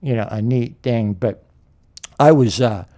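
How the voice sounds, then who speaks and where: A man's voice: mid-range voice, a little slow, warm tone. A man from California hosting a casual interview, telling rambling anecdotes and acting out quotes with little laughs. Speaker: podcast interviewer.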